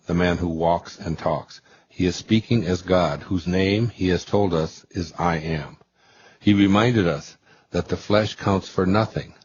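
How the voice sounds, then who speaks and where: A man narrating a spiritual self-help book aloud in a slow, measured, reverent way. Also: deep voice, darkish tone, muffled recording, a little hiss or hum. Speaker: audiobook reader.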